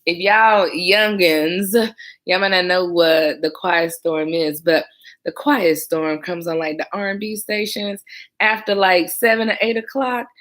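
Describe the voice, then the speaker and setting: In a casual storytelling chat to camera, a young woman looks back on her job as a 911 dispatcher. Her lowish voice is smooth, calm, and a little slow, becoming animated as she acts out those who called in.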